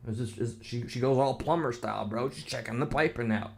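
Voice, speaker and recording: A man's voice: medium pitch, fairly even intonation, quick pace, few pauses. Rambling sarcastic man ranting to camera. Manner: rambling, sarcastic, reads comments aloud with mocking voices. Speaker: video commentator. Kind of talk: casual reaction rant.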